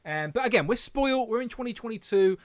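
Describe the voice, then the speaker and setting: A man's voice: very high voice, animated, fast talker. A man hosting a casual livestream, rambling and correcting himself as he reads the chat aloud. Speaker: podcast host.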